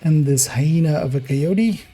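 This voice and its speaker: A man's voice: medium pitch, moderate pace, warm tone, breathy edge, faint music behind. A man streaming a game, rambling casually as he plays, chuckling often and correcting himself mid-thought. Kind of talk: casual gameplay commentary.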